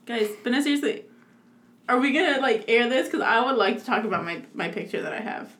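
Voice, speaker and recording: A woman's voice: a little high, animated, a little fast, fairly bright tone, echoey room. A woman, co-hosting a casual podcast chat with friends, giggly and teasing, often laughing. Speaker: podcast co-host.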